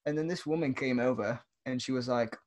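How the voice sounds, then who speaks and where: A man's voice: medium pitch, fairly quick. A young man, co-hosting a podcast and telling a story in casual chat, laughing often and using lots of fillers. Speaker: podcast co-host.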